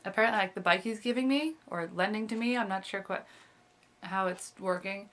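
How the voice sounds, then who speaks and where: A woman's voice: mid-range voice, brisk, a bit bright. A woman in her twenties chatting casually in a video diary, rambling with lots of fillers and little laughs. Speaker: vlogger.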